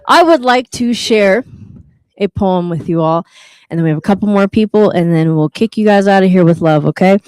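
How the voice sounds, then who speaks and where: A woman's voice: mid-range voice, normal speed, warm tone, dry recording. A woman hosting a live open mic night, joking with the crowd and reading a poem, with a playful, teasing manner. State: out of breath. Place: live venue with an audience.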